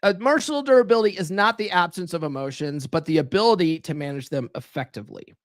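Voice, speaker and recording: A man's voice: high-pitched, fast, no room sound. Dry, casual man hosting a live stream. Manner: casual and profane, peppered with "right?" tag questions.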